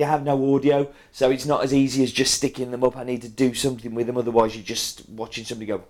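A man's voice: medium pitch, a little mellow. A middle-aged man with a strong British accent, chatting casually as he reads out viewer comments, with plenty of ums and uhs. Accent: British English. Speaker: coffee roaster reading viewer comments. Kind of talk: casual chat.

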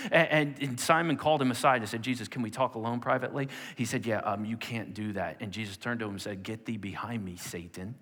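A male pastor giving an animated sermon to a nearly empty church, acting out quotes in a raised voice. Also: fairly low pitch, fast talker, few pauses, long reverb tail.

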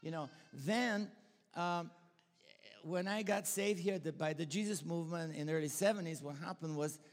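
Older Bulgarian-accented preacher in a reverberant hall. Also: male voice, a little high, moderate pace. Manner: rambling, enthusiastic, frequent restarts. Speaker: pastor and school leader. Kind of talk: informal sermon with personal stories.

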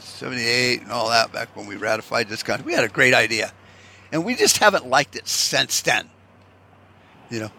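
A man's voice: mid-range voice, sharp tone, slight background noise. Angry swearing American man ranting. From United States. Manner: angry, swearing, rambling with restarts. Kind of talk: profane political rant.

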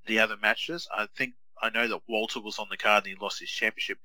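A man in his thirties rambles easily through a podcast chat, full of ums and uhs. His voice is low-set but strikingly bright and sharp. The recording is dry and close. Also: fairly even intonation, fast, dry recording, rough recording. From Australia. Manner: easygoing, rambling, with many fillers. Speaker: podcast co-host. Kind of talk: casual chat.

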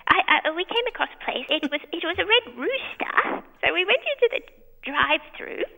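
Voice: very high-pitched, lively intonation, moderate pace, vocal fry, bright, forceful tone, voice pushed up, heavily acted, poor audio. A performer voicing a flustered older woman calling in, stammering and full of hesitations. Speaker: caller. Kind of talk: comic phone call.

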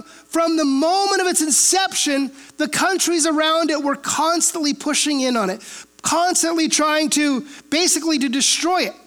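A preacher with a high-pitched voice delivers an unhurried verse-by-verse sermon. The teaching is conversational and emphatic, repeating key phrases for weight, with frequent rhetorical questions to keep listeners engaged. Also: a bit bright. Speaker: pastor teaching from the Bible.

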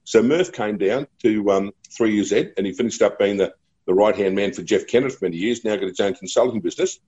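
A middle-aged Australian man, a radio broadcaster, spins chatty anecdotes and laughs easily. His voice sits low, with a husky, mellow grain. The recording sounds dull and lo-fi. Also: fairly quick. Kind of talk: casual storytelling.

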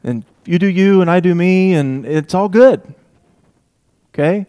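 Male preacher, slightly high voice, emphatic sermon delivery with loud-to-hushed dynamic swings. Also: unhurried, clean tone, highs cut off. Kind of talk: expository sermon.

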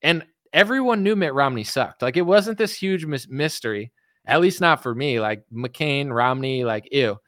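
A man's voice: medium pitch, lively intonation, moderate pace, fairly bright tone, no echo, studio quality. A man ranting sarcastically on a casual livestream as a political commentator, rambling with constant fillers.

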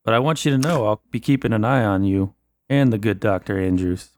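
A man voicing a blunt, suspicious 1920s police officer in a tabletop role-play, gruff and dismissive. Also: fairly low pitch, fairly quick, a little mellow, dry recording, studio quality, close to an everyday voice. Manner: gruff, plain-spoken, dismissive. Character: blunt suspicious male 1920s Boston cop.

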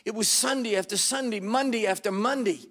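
A man's voice: sits high, a little fast. Older male pastor telling a wry story. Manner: wry, dramatic storytelling with sudden loud bursts. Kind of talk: storytelling sermon. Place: church sanctuary before a congregation.

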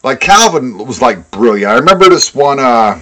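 A man co-hosting a podcast in loose, profane chat. His voice sits at an ordinary pitch but moves a great deal, rising and falling as he rambles through strong opinions. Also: very animated, moderate pace, sharp tone. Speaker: podcast co-host.

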